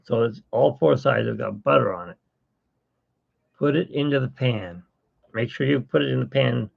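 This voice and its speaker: A man's voice: mid-range voice, moderate pace, vocal fry. A man hosting a casual live-stream chat, rambling and self-mocking with corny jokes. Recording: dull lo-fi stream audio.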